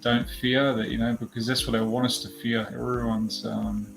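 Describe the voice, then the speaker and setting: A man's voice: medium pitch, little pitch movement, moderate pace, creaky, noisy background. A man with an Australian accent in casual chat, easygoing and reassuring, often saying "mate" and "you know".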